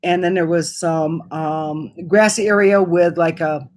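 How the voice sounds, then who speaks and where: A woman's voice: lowish voice, fairly even intonation, measured pace, darkish tone. A middle-aged woman from Wisconsin, telling a personal story to her channel in a chatty way with many fillers and restarts. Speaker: vlogger.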